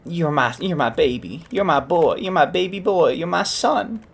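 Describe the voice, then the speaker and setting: A man voicing a nosy, frantic old grandmother in a high, quavery voice. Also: expressive, moderate pace. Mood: tender.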